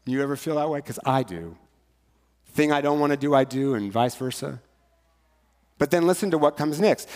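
A man's voice: on the high side, expressive, moderate pace, long pauses, a little mellow. Light-voiced male pastor in a reverberant church. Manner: conversational and joking, with rhythmic rhyming lines. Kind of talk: sermon. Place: church sanctuary. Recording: long church hall reverb.

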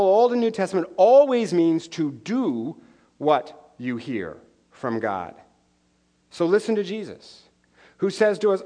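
High-voiced man preaching a joking sermon. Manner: lively, joking, conversational preaching with frequent "right?". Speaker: pastor.

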